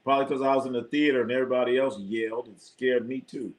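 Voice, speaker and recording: A man runs a casual live sports stream, joking and reacting to the chat as he goes. His voice sits at an ordinary middle pitch, and his delivery is loose and animated. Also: quick pace. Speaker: sports livestream host.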